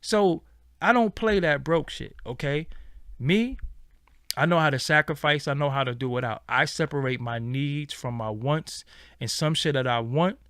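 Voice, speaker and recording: A man's voice: on the high side, normal speed, smooth, no room sound, studio quality. A man hosting his own show, talking blunt and profane in a casual commentary monologue. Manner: blunt, profane, animated storytelling. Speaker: show host.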